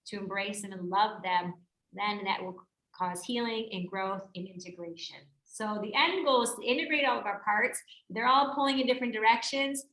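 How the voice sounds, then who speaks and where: A woman's voice: medium pitch, a bit bright. A woman leading a live workshop, talking conversationally and acting out the voices she quotes. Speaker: workshop presenter. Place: workshop room at a yoga studio. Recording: roomy echo.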